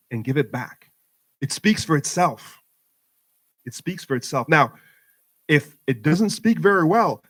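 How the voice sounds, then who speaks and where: A man's voice: medium pitch, fairly bright tone. A middle-aged man giving an impassioned talk to a community audience at a mosque event, building his points through emphatic rhetorical repetition. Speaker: guest speaker at community program.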